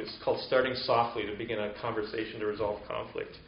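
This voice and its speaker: A man gives an earnest, conversational sermon at an even middle pitch, running through long spoken lists. The sound is roomy with a strong echo, and the recording is a little dull and muffled. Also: fast talker, few pauses, slight background noise. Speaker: pastor. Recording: echoey, slightly dull room recording.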